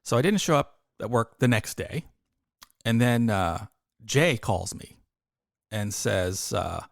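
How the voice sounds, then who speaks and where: A man in his fifties with a fairly low voice trades stories on a podcast, putting on the voices of people he quotes. The sound is dry and close to the mic. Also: slow pace, creaky, dry recording. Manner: animated, acts out quoted voices. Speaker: podcast co-host. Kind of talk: casual storytelling chat.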